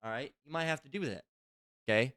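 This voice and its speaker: A man's voice: medium pitch, a little fast, sharp tone, dry recording, studio quality. A man giving a casual religious lesson, talking in a rambling, profane, conversational way. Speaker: religious teacher. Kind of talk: casual spoken scripture lesson.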